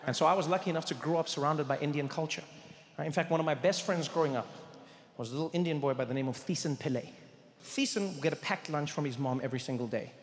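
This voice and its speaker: Animated stand-up comedian. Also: male voice, a little high, quick pace. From South Africa. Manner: animated and confident, with bursts of loud emphasis. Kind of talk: stand-up storytelling. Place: large live venue. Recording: live show with long hall reverb.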